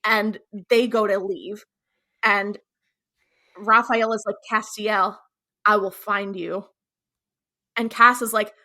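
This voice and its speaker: A woman's voice: medium pitch, steady tone, slow, pauses often, bright, forceful tone. A young adult woman co-hosting a casual podcast, recapping scenes animatedly and acting out the characters' lines. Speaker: podcast co-host. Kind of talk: casual rewatch podcast chat.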